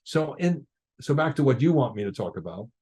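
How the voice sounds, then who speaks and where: A man's voice: mid-range voice, fairly quick, slightly rough. An older man, a guest drummer, telling stories in a casual interview and acting out what others said. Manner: animated, acts out other people's lines in his stories.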